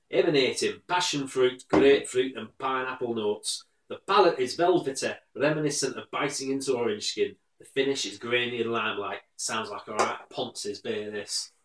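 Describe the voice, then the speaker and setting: A man doing a gruff, plain-spoken Yorkshireman who scoffs at fancy beer, reading tasting notes loudly in a broad Yorkshire accent. The voice rings around an echoey room. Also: mid-range voice, lightly acted.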